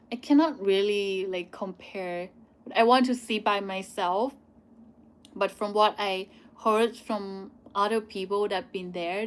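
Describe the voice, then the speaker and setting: A young woman from Thailand, a native Thai speaker with a Thai accent and a medium-pitched voice, hosts her channel's live Q&A stream. She answers viewer questions in a loose, chatty way, filling her talk with lots of "like" and "um" pauses.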